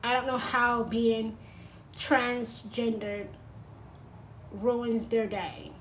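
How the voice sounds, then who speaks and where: A woman's voice: fairly high pitch, fairly even intonation, very slow, a bit bright, a little hiss or hum, low-quality recording. A woman vlogger giving an unscripted, blunt monologue, repeating her points for emphasis.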